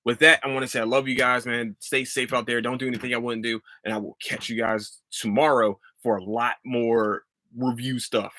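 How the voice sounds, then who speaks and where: A man hosts his solo podcast in a bright, forceful voice, close and dry with no room around it. He rants with plenty of swearing, jumps up in pitch when worked up, then laughs it off and drifts into easy chat. His voice is starting to wear thin. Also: level tone, normal speed, dry recording. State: voice starting to give out. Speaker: podcast host. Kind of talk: casual solo podcast monologue.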